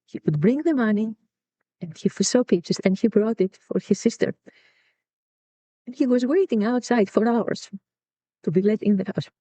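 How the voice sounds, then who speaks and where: Pausing often, a middle-aged woman from Greece speaks at a moderate pace in a warm, medium-pitched voice as she tells family stories in an interview. She's a podcast guest and co-founder, reflective and repeating words while searching for them. The recording is dull, dry and lo-fi.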